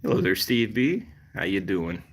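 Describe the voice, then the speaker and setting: A man's voice: low voice, sing-song, moderate pace. A man hosting a casual livestream, explaining things in a rambling way full of fillers and restarts. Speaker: cat channel host.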